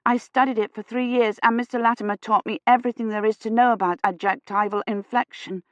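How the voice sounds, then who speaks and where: A woman voicing a frightened young historian, her words halting and shaky with fever. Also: medium pitch, no room sound, dull audio, close to an everyday voice. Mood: fretful. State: teeth chattering with fever.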